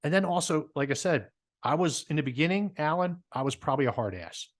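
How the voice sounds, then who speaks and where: A man with a New Jersey accent, a guest telling stories in a casual interview, animated and repeating words as he talks. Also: fairly high pitch, fast. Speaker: guest, business owner.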